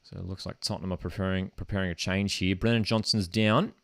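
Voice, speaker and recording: A man's voice: low voice, steady tone, fast, vocal fry, fairly bright tone, no room sound, clean studio sound. A man hosting a live football watchalong, casual and enthusiastic, often saying "man". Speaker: football streamer and host. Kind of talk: live match watchalong commentary. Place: home streaming desk setup.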